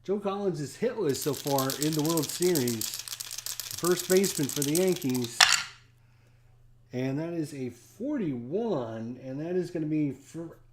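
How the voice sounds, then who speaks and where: A man hosting and calling a tabletop baseball game in a relaxed, casual play-by-play, with frequent fillers and pauses. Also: on the high side, background noise. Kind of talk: casual solo game commentary.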